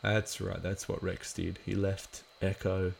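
A man's voice: low voice, flat delivery, measured pace, vocal fry, a little hiss or hum. A man giving a casual watch-along commentary of an episode, chatty and rambling with lots of filler words.

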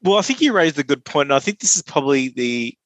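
A man's voice: on the high side, very animated, fast talker, fairly bright tone, no room sound. Man, earnest podcast co-host. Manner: earnest, filler-heavy, talks things through. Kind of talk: casual sports podcast chat.

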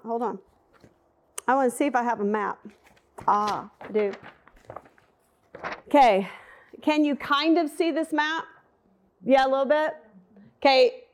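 High-voiced, animated woman teaching Bible. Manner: animated, conversational, playful asides.

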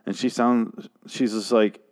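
A man's voice: medium pitch, flat delivery, measured pace. A man casually recapping a TV episode, rambling, sarcastic and profane, with frequent asides and restarts. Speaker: show recap host.

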